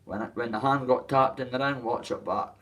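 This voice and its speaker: A man's voice: mid-range voice, a little fast, fairly bright tone, far from the mic. Swearing Dundee man, off the mic. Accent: Dundee Scottish. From Dundee, Scotland. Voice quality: coarse, heavy swearing, rambling. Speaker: boxer telling his story. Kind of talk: casual rant to camera.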